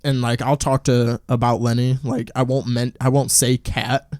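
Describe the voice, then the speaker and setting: A young man co-hosting a podcast, his voice sitting in a middling register. He tells profane stories with a loose, animated delivery, and the recording is dry with no room sound. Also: medium pitch, moderate pace, no room sound. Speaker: podcast co-host. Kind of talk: casual chat.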